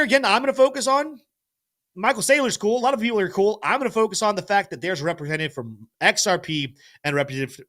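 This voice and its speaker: Energetic guy hosting a crypto livestream, kinda high voice, talks to chat a lot. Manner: energetic, talks to chat, stumbles over names. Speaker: crypto show host. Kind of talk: live-stream market commentary.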